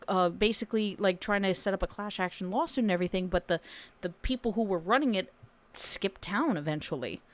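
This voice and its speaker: A woman's voice: mid-range voice, brisk. Hesitant woman telling a rambling story. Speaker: stream guest. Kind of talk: casual group chat.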